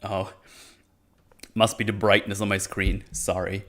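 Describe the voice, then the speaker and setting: A man's voice: lowish voice, flat delivery, unhurried, fairly bright tone. A man ranting through a casual review with lots of swearing and sarcasm, mocking characters in put-on voices. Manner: profane, sarcastic, mocks characters in silly voices. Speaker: video reviewer.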